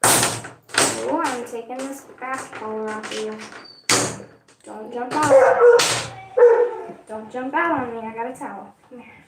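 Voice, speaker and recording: A woman's voice: fairly high pitch, fairly even intonation, a little slow, long pauses. A woman live-streaming as she bathes her dog, cooing baby talk at it. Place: bathroom during a dog bath. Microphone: phone camera set down away from her. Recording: echoey bathroom, from far off, noisy.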